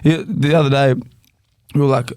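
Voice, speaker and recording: A man's voice: medium pitch, normal speed, no echo, clean studio sound. A young man hosting a podcast, chatting casually with lots of swearing and laughter. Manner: swearing, laughing, animated banter. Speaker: podcast host.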